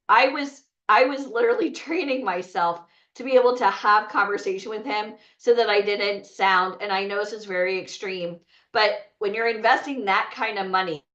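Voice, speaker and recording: A woman hosting a talent event, telling a lively personal story to an audience, cursing freely and asking them questions. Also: medium pitch. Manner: animated, swearing, asks the audience questions. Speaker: event host and talent coach. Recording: dull, lo-fi sound.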